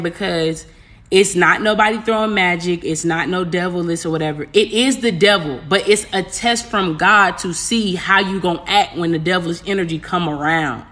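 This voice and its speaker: Bright-voiced rambling spiritual coach. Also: mid-range voice. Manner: rambling, repeats phrases, slangy and candid. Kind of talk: casual spiritual talk to viewers.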